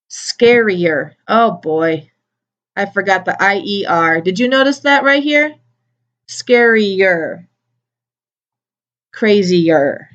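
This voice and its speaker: A woman teaching English to adult learners, repeating each word slowly and clearly, with small playful asides. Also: mid-range voice. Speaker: ESOL teacher. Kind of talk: slow, clearly enunciated classroom teaching. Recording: slightly dull lo-fi recording.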